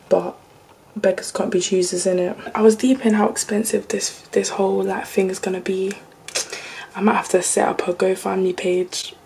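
A woman's voice: medium pitch, dark tone. A young woman, a university student chatting casually and bluntly to camera in her new room. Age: young adult.

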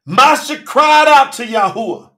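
A man's voice: extremely high pitch, animated, unhurried, pushed and bright. A male preacher delivering a sermon in an emphatic, colloquial way, often asking the congregation direct questions.

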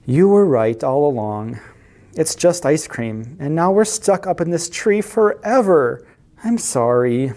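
A timid little storybook cat as a woman reads him aloud, squeaking and stammering over his words. His voice sits high and hops around, and he takes his time. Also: sing-song, slow pace, pauses often, a little mellow, exaggerated voice. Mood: sad, apologetic. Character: shy stammering young male cat.

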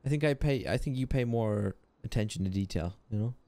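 A man's voice: medium pitch, fairly quick, mellow, dry recording. A man playing a character in a game roleplay, casual and slangy. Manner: casual slangy, laid-back. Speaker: roleplay player.

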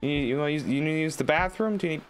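A man's voice: fairly high pitch, very fast, faint music behind. A man streaming a game, rambling, joking and swearing in casual commentary. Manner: rambling, swearing, jokey outbursts.

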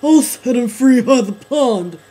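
A man's voice: very high voice, expressive, a little slow, warm tone, slightly rough, voice pushed up, exaggerated voice, rough recording. A man voicing a kindly farmer in a storybook, speaking in a caring way. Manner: kind, caring.

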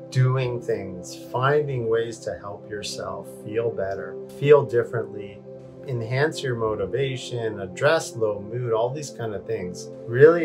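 A man speaks to the camera from a cold bath in his bathroom at home. His tone is candid and self-deprecating, with a coaching lilt. Faint music plays softly behind him. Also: medium pitch. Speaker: wellness vlogger. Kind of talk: casual talk to camera.

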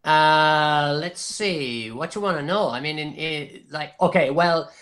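A man's voice: fairly high pitch, slow pace, a bit bright. A man from Ireland with an Irish accent, an actor and comedian, chatting as a podcast guest in a playful, hesitant way. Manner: playful, hesitant, with many fillers. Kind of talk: casual interview chat.

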